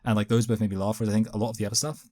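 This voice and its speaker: A man's voice: fairly low pitch, flat delivery, very fast, warm tone. A man co-hosting a casual movie review chat, rambling with lots of fillers and self-corrections. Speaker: podcast co-host.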